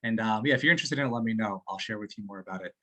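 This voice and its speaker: A man on a video call giving sales-practice feedback in casual chat, excitable and profane, laughing as he talks. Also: on the low side, rapid-fire, highs cut off. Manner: excitable, swears often, laughs while talking.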